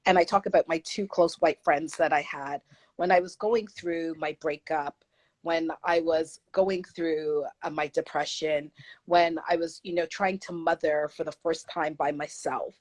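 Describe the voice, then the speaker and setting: A woman's voice: sits low, steady tone, unhurried, no echo. A woman guest author talking in an interview, earnest and emphatic, sometimes taking on the voices of people she quotes. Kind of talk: candid interview conversation.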